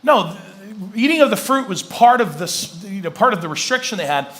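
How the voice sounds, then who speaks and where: Lively, bright-voiced male pastor preaching. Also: high-pitched, moderate pace. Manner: conversational, animated, acts out dialogue. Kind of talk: sermon. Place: church sanctuary.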